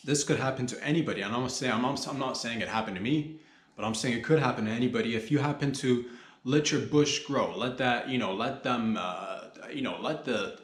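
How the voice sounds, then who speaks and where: A man hosting a solo comedy podcast, rambling loosely, joking and swearing as he goes. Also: medium pitch. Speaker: podcast host. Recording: echoey room.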